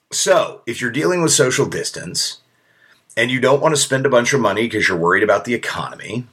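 A man's voice: low-pitched, pushed and bright, breathy edge. A man hosting a solo podcast, talking in a casual, earnest and rambling way with self-deprecating asides. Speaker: podcast host.

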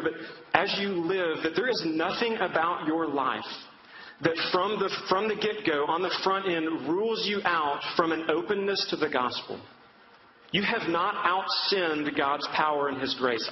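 A man's voice: on the high side, normal speed, background noise. A man preaching a sermon, speaking earnestly and directly to his listeners with repeated reassurance, in a large hall. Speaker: campus minister preaching. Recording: echoey hall, dull sound.

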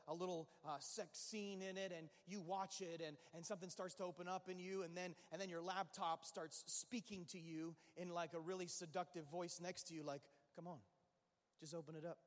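A man preaching a sermon as pastor, animated, acting out people's inner voices and hammering phrases through repetition. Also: high-pitched. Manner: animated, acts out quoted inner voices, repeats phrases for emphasis. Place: church sanctuary. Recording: long reverb of a large hall.

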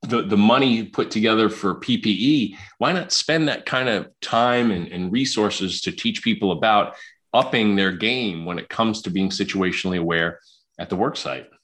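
A man's voice: lowish voice, normal speed, fairly bright tone. A man from Queens, a psychologist talking as a podcast guest, chatty and prone to repeating his words. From Queens, New York. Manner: talkative, repeats words when starting sentences. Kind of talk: podcast interview conversation.

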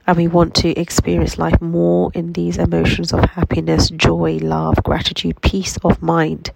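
Nasal woman with a cold, gravelly and flat. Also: fairly low pitch, noisy background. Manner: slow, reflective, gently affirming. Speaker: healing coach. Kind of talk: spiritual self-help talk. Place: in bed at home.

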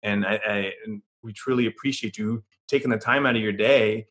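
A man's voice: lowish voice, steady tone, brisk, fairly bright tone. A man co-hosting a podcast in casual chat, earnest and motivational, often restarting his sentences. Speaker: podcast co-host.

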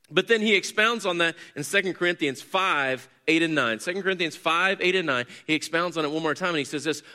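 A man's voice: high voice, animated, brisk, hardly any pauses, pushed and bright. A man teaching a sermon in an earnest, explanatory way, lifting his voice on key points. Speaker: pastor or teacher.

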